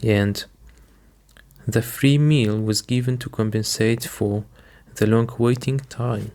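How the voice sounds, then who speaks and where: Slow, low-voiced English teacher. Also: male voice, fairly even intonation, a little mellow. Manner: patient, repeats each word slowly.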